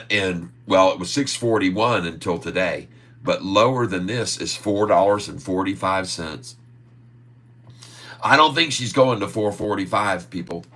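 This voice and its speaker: A man's voice: deep voice, a bit bright. A man hosting a casual stock-trading livestream, reading viewer comments aloud and chuckling often. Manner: chuckles often, drawn-out folksy asides.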